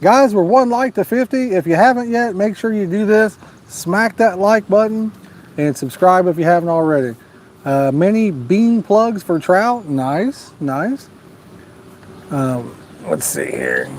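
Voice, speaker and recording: A man hosts a live fishing stream outdoors at night, reading viewer comments aloud with a folksy, joking manner. His voice sits a touch high for a man, with faint outdoor noise behind him. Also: sing-song, a little slow, a little mellow. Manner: joking, laid-back, folksy. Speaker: fishing channel host.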